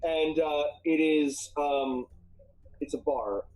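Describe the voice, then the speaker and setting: A man narrating a tabletop game as game master, halting with many ums and uhs. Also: fairly high pitch, darkish tone, low-quality recording. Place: live stream.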